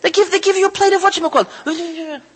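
A man's voice: very high-pitched, steady tone, fast. A man giving an emotional Torah talk, repeating phrases and sounding close to tears. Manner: heartfelt, repetitive, moved close to tears. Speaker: lecturer running a kollel. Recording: long hall reverb.

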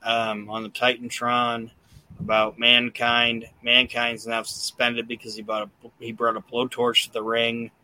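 Recapping wrestling shows on a laid-back podcast, a male host rambles, swears freely, and uses plenty of fillers. He speaks in a mid-range, monotone, bright, forceful voice, a little slowly, with no room sound.

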